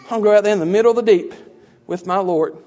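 Brief: earnest fisherman disciple pleading to his Lord, played by a high-voiced man preacher, emphatic and raised. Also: rapid-fire, warm tone, lightly acted.

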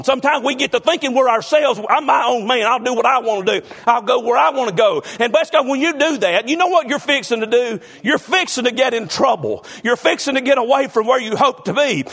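A man's voice: very high-pitched, gravelly, fairly bright tone, breathy edge. A man preaching a sermon, fervent and calling out members of the congregation by name. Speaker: pastor.

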